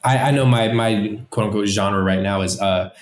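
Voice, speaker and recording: A man's voice: fairly low pitch, normal speed. A man, a musician and songwriter, explaining his creative process with enthusiasm in a casual group discussion, acting out his own thoughts as he goes. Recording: roomy, echoey sound.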